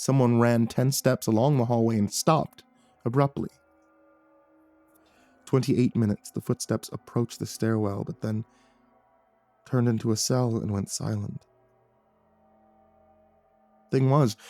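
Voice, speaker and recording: A man narrating a horror story in a hushed, grave manner. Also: mid-range voice, no echo.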